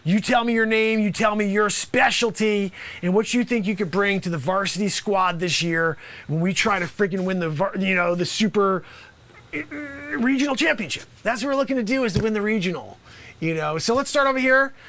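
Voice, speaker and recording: A man playing a brash, bossy male high school basketball coach in an improv comedy sketch, rambling and loud. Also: fairly quick.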